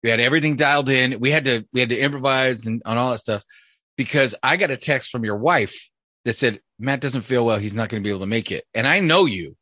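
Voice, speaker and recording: Bright-voiced man hosting a podcast. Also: medium pitch, quick pace, dry recording. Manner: joking, steers the conversation. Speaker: podcast host. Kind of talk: casual podcast chat.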